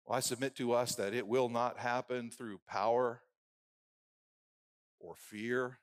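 A man preaching a sermon who builds phrases into rhythmic lists and drops from loud emphasis to a hushed, prayerful murmur. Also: medium pitch, fairly even intonation, measured pace, no room sound, studio quality.

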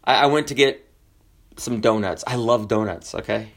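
A man in his forties preaching a sermon as a pastor, telling stories in a conversational way with many fillers and swinging between quiet low asides and high excited bursts. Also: normal speed. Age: 40s. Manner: conversational storytelling with frequent fillers.

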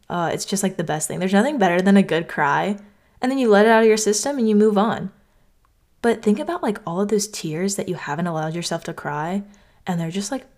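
A young woman from North Carolina hosting her own podcast, talking earnestly and conversationally, often saying "like". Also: lowish voice. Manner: earnest, conversational, heavy use of "like". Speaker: podcast host. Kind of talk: reflective solo podcast talk.

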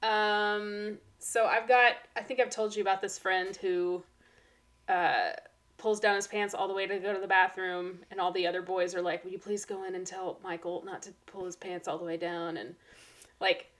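A woman's voice: mid-range voice, moderate pace. A woman, a teacher co-hosting a podcast, chatting casually and acting out children's voices as she tells stories. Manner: animated storyteller, acts out kids' voices. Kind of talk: casual chat.

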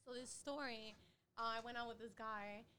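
A young woman, telling a dating story as a podcast guest, animated and laughing often with lots of fillers. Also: a little high, normal speed, slight background noise.

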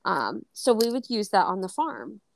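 A woman co-hosting a casual podcast, telling a story with lively acted-out quotes and plenty of swearing. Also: medium pitch, moderate pace, gravelly. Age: adult. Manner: animated, acts out quoted dialogue, swears freely. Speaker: podcast co-host.

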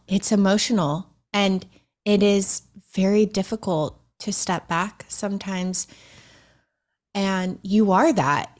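A young adult woman speaking as a guest in an interview, earnest and reflective, with soft laughs and filler words. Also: mid-range voice. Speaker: podcast guest. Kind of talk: heartfelt interview conversation.

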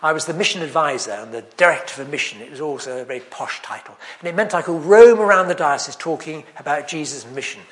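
Lively, chatty preacher man. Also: a little high, quick pace, hardly any pauses. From England. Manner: chatty, anecdotal, self-deprecating humour. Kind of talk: sermon.

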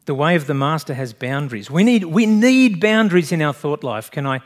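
Earnest male preacher, slightly high voice. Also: expressive, brisk. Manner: earnest, direct, asks the congregation questions. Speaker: pastor. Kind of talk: sermon.

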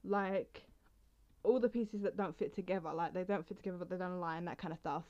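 A woman's voice: fairly low pitch, fairly even intonation, a little fast, a little mellow. Rambling young woman poetry vlogger. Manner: rambling, chatty, self-interrupting. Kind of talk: casual chat and poetry reading. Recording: slightly dull lo-fi sound.

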